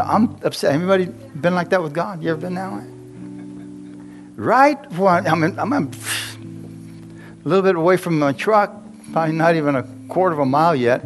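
Male preacher, storytelling sermon, conversational and jokey, slightly higher voice. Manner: chatty, laughs often, asks the congregation questions. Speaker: pastor.

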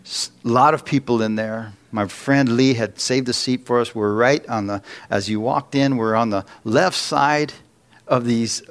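A man's voice: medium pitch, measured pace. Guy preaching in church, telling his story, acts out what people said, cracks jokes. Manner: storytelling with acted-out quotes and self-deprecating jokes. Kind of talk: sermon testimony.

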